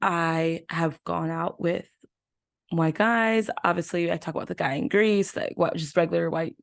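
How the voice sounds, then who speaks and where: A woman in her twenties hosting a podcast, telling a story in a chatty, animated way with lots of fillers. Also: fairly low pitch, moderate pace, vocal fry, no echo. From United States. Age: 20s. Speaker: podcast host. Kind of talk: casual chat.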